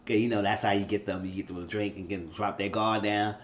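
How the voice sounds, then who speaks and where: A man casually recapping a TV episode, chatty and animated, with speech. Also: fast talker, slight background noise. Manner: animated, jumps to high squeals when quoting characters. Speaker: TV episode reviewer. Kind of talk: casual recap with acted-out quotes. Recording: roomy, muffled home recording.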